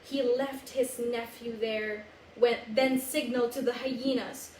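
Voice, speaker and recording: A woman with a Filipino accent, storytelling for children in an animated, sing-song way and coaxing them to join in. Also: a little high, takes it slowly, reverberant, a little hiss or hum, low-quality recording. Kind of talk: live storytelling for kids.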